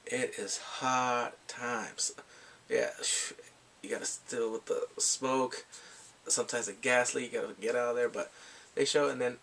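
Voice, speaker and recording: A man's voice: medium pitch, steady tone, measured pace, gravelly, fairly bright tone. A man casually retelling a movie's plot for his review, chatty and rambling with lots of filler restarts. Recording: voice slightly distant from the mic.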